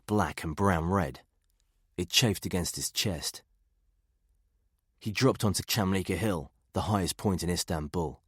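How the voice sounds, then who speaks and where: A man reading a thriller audiobook in a steady, measured narration. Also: sits low, husky, no room sound, studio quality. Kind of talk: scripted narration.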